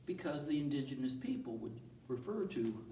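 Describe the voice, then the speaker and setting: A man's voice: medium pitch, lively intonation, moderate pace, mellow, echoey room, recorded from a distance, slight background noise, low-quality recording. A man teaching a playful, chatty geography lesson who keeps asking his audience questions. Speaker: science educator.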